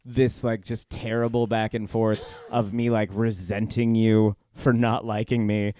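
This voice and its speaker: Man, lowish pitch, rambling casual podcast talker, dry sound. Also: little pitch movement, a little slow, mellow, clear, resonant tone, dry recording. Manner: rambling, heavy on "like" fillers. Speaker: podcast co-host.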